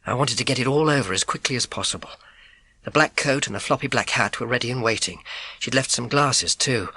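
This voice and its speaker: A man narrating a children's audiobook in first person, with an expressive, suspenseful telling. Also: medium pitch, brisk, husky.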